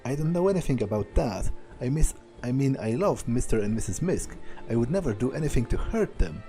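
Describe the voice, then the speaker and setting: Timid half-orc maid, broken speech, lively up-and-down delivery, read by a man. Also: medium pitch, soft background music. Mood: nervous. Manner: halting, broken grammar.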